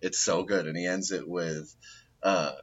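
A man co-hosting a podcast in casual chat, lively and quick to laugh. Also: sits low, husky, muffled recording.

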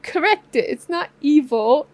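A woman co-hosting a casual chat with her husband, telling a story in an animated, playful way with frequent laughter and acted-out quotes. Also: high-pitched, unhurried, no room sound. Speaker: co-host of a couple's channel.

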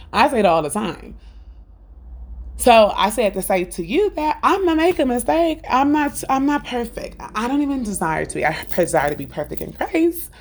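A middle-aged woman hosting a faith podcast, telling family stories in a lively, unscripted way and acting out the voices of her family. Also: a little high, moderate pace. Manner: animated storytelling, acts out family dialogue; laughs between thoughts. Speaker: podcast host.

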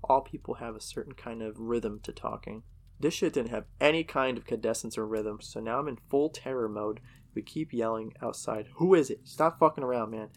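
A man's voice: mid-range voice, moderate pace. A man casually narrating a horror story in a profane, conversational way.

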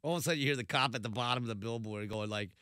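A man telling stories in a casual chat, animated and laughing, acting out quotes along the way. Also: medium pitch, very fast, smooth, no room sound, clean studio sound. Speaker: radio host and podcast guest.

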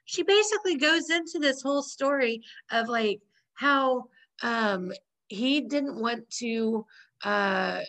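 A woman's voice: a little high, lively intonation, slow pace, fairly bright tone. A woman co-hosting a casual chat, retelling sitcom scenes with quoted lines and frequent laughter. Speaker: podcast co-host.

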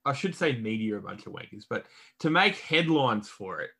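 Aussie bloke on a sports podcast, blunt and sweary, bright voice, middle pitch. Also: male voice, sing-song, brisk, gravelly. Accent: Australian. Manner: blunt, swears, frequent restarts. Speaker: podcast co-host. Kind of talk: casual sports chat.

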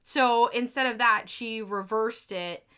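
A woman's voice: a little high, slow pace, crowd noise. A woman in casual chat, walking through a film's plot and correcting details. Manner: storytelling recap, correcting details. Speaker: podcast co-host. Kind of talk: casual chat recapping a film.

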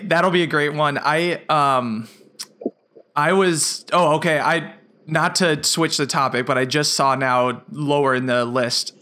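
A man co-hosting a podcast, chatting casually and teasing his co-host, with quick laughs. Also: medium pitch, sharp tone. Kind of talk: casual chat.

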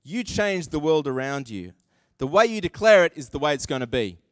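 Animated high-voiced pastor. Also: male voice, fairly quick, no room sound. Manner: animated, acts out quoted voices, self-deprecating asides. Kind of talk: sermon.

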